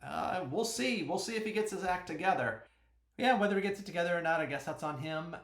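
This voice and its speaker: A man's voice: sits high, fairly quick. Chatty joking man in an echoey room. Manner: chatty and joking, with sudden yells. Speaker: podcast host. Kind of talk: casual fantasy sports recap.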